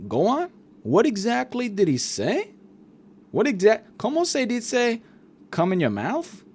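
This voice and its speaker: A man voicing a gruff middle-aged mob boss with a put-on Mexican accent. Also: high voice, huge pitch swings, a little slow, darkish tone, voice pushed up, exaggerated voice. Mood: menacing. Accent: Mexican Spanish accent, put on.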